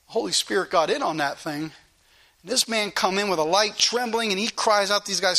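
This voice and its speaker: Fervent high-voiced preacher. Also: male voice, expressive, brisk, pushed and bright. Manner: fervent, repeats lines for emphasis, reads scripture aloud. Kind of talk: sermon.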